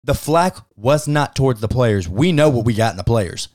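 A man's voice: mid-range voice, lively intonation, normal speed, darkish tone. A man co-hosting a casual sports podcast, giving emphatic, profane opinions on football. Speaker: podcast co-host.

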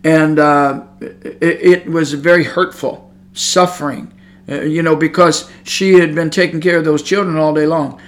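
A man's voice: a little high, fairly even intonation, a little slow. A middle-aged man preaching a sermon, earnest and folksy, who restarts phrases and repeats words as he tells stories. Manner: earnest preaching with homespun storytelling. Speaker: pastor.

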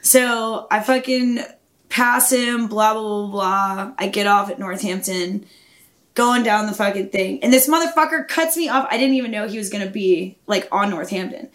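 A young woman co-hosting a podcast, telling a story in a casual, profane and animated way. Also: mid-range voice, normal speed. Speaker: podcast co-host. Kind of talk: casual chat.

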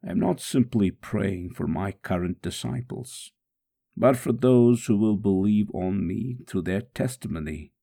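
Reading aloud in the first person, a man voices a suffering figure praying steadfastly through a scourging, slow, measured, solemn and prayerful. His voice is lowish, creaky and dark in tone.

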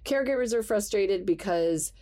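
A woman's voice: medium pitch, expressive, moderate pace, mellow. A woman guest psychologist explaining thoughtfully in conversation, with light laughs. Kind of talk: conversational expert interview.

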